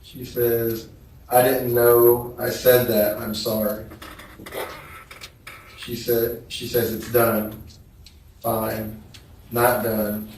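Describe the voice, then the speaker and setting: A man on the witness stand reads messages aloud slowly, his delivery flat and unhurried. He sounds far from the microphone, with heavy courtroom echo around him. A faint hiss sits under the recording. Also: mid-range voice. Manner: slow, flat, measured reading. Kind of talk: courtroom testimony, reading text messages aloud. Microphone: distant courtroom microphone. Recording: echoey courtroom audio from far off with faint noise.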